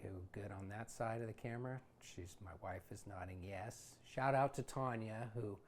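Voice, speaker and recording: A man who hosts a show, reading his own memoir aloud in a conversational, wry way that gets animated in heated passages. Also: lowish voice, moderate pace, slight background noise. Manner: conversational, wry, animated when retelling anger. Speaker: author and host.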